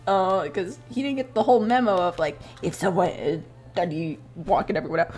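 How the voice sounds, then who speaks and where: A woman's voice: lowish voice, fairly quick, few pauses, a little mellow. A woman streamer chatting casually and recapping a story while she draws, rambling, swearing freely and breaking into laughter. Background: faint background music.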